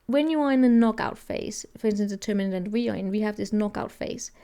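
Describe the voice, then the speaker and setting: A woman's voice: mid-range voice, fast talker, dark tone. A woman giving a casual tarot reading, thinking aloud and rambling with many restarts. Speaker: tarot reader.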